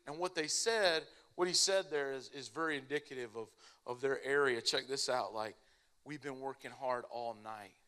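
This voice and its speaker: A young man preaching a casual, animated sermon, telling stories in an everyday way. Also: mid-range voice, normal speed, clear, resonant tone. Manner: animated, casual storytelling with lots of "like".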